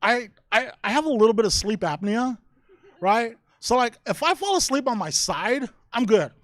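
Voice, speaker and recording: A man's voice: very high-pitched, animated, moderate pace, a bit bright, no room sound. A man doing a conversational stand-up bit, telling a story and checking in with "right?". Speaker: stand-up comedian. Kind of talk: stand-up comedy set. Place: outdoor stage.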